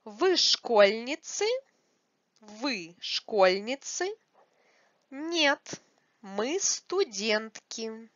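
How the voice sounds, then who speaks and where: A woman's voice: fairly high pitch, animated, drawn-out words, long pauses, a bit bright, dry recording. A woman teaching to beginners in English, explaining patiently and repeating the example words. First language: Russian. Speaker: language teacher. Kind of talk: slow, careful beginner lesson with spoken examples. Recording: dry, slightly dull lo-fi recording.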